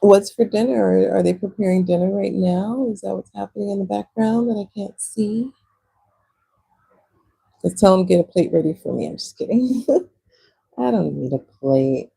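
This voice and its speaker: A woman's voice: mid-range voice, normal speed, vocal fry, pauses often, dark tone, husky, no room sound, rough recording. A woman from Texas with a Texan accent, chatting casually with viewers on a livestream and laughing often. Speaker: livestream host. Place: Puerto Rico.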